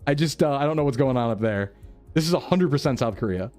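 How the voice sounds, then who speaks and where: A man's voice: mid-range voice, expressive, fast talker, darkish tone. Laughing, chatty young man streaming a game. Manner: chatty, laughs often, jokes with chat. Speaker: VTuber streamer. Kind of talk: casual livestream chat while playing. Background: faint background music.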